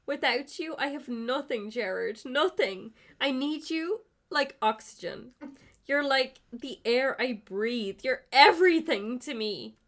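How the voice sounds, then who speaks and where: A woman's voice: sits high, animated, takes it slowly, fairly bright tone, voice pushed up, full character voice. A woman reading fan fiction aloud, voicing a heartbroken young lover pleading melodramatically at a hospital bedside.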